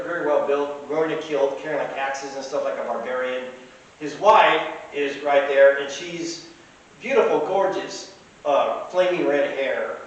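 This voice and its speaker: A man's voice: on the high side, dull audio. A man casually telling rambling anecdotes from costume fairs. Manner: rambling, chatty. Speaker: storyteller. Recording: echoey room, distant mic, faint hiss.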